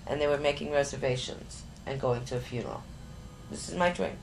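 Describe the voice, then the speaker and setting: A middle-aged woman, a psychic guest in an interview, telling a story with lively energy. She stumbles and repeats words as she goes. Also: very deep voice, a little fast, vocal fry, background noise. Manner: lively, stumbles and repeats words, acts out other people's voices.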